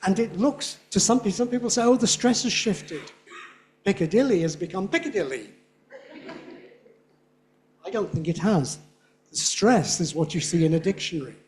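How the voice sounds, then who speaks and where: A man giving a lively conference lecture, often checking in with his audience. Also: sits high, brisk, a little hiss or hum. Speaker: linguistics lecturer.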